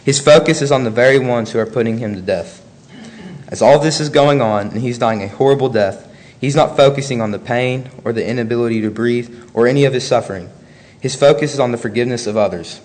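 A man preaching a sermon, reading scripture aloud in a measured, earnest way between his own remarks. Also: medium pitch, a little mellow.

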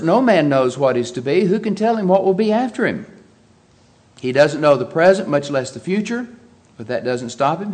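Male preacher, somewhat high-pitched, emphatic sermon delivery with big swings in loudness. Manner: emphatic, swinging from loud high stresses to low quiet asides. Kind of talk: expository sermon.

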